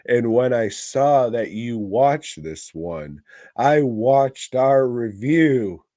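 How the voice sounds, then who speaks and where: A man's voice: mid-range voice, lively intonation, drawn-out words, warm tone, no echo. A man co-hosting a comedy movie podcast, trading crude, dry wisecracks. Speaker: podcast co-host. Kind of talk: casual comedy movie review.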